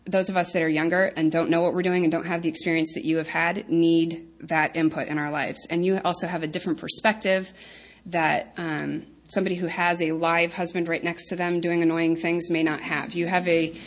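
A woman's voice: fairly low pitch, level tone, brisk. A woman in her thirties giving an earnest, chatty talk to a women's group, with many ums and asides. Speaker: women's ministry speaker.

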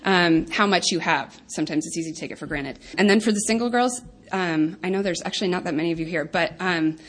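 Woman, 30s, women's ministry speaker; earnest and chatty, lowish voice. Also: quick pace. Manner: earnest, chatty, many ums and asides. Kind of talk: talk to a women's group.

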